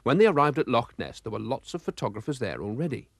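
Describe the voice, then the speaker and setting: A man narrating a children's storybook with a lively, expressive reading. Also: medium pitch, fast talker, creaky, no echo, studio quality.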